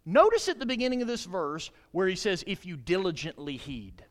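High, lively-voiced male preacher. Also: brisk. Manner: animated preaching, rising to emphatic peaks and dropping low; addresses the congregation with questions. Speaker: pastor. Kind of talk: sermon. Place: church.

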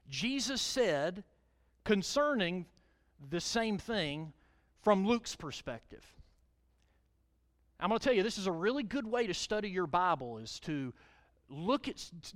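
A middle-aged male pastor preaching a sermon, reading scripture aloud and swelling loud on key words. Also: high-pitched.

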